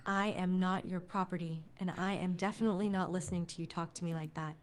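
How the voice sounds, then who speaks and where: Synthetic female AI voice, low for a woman, earnest and lecture-prone. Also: steady tone, fast. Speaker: AI chat companion. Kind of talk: conversational AI replies.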